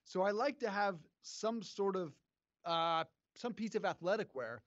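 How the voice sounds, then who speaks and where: Dry-miked high-voiced joking man. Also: lively intonation, a little slow, a bit bright, no room sound, lo-fi sound. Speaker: podcast co-host. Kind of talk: casual sports podcast banter. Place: home studio.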